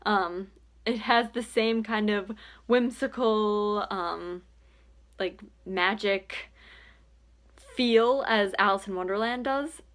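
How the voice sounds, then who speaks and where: A young woman casually reviewing a book in a vlog, chatty and animated, with plenty of fillers. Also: mid-range voice, slow, long pauses.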